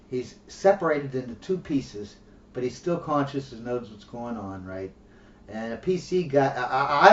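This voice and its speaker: A man delivering an angry, profane and sarcastic rant to camera, often stumbling over repeated words. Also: mid-range voice. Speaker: video blogger. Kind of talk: ranting monologue to camera. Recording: roomy, distant, dull lo-fi audio.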